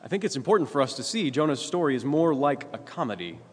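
A man preaching a sermon in a conversational way, often asking "right?" and clearing his throat. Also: medium pitch, big pitch swings, quick pace. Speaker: pastor. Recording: long hall reverb.

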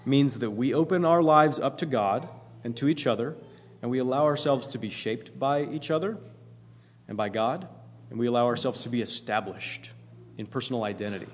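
A man preaching a sermon in an earnest, emphatic way, often repeating himself for emphasis. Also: mid-range voice. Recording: long hall reverb.

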